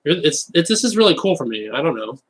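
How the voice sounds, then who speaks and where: Husky Californian man joking on a live stream. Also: fairly high pitch, low-quality recording. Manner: animated, joking, bursts of rapid talk. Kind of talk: casual live-stream chat.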